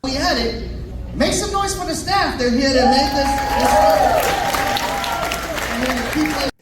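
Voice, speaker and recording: A man hosting a stand-up comedy show on stage, pumping up the crowd with loud call-outs. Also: extremely high pitch, a little slow, roomy sound. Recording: far-off club recording over loud crowd and noise.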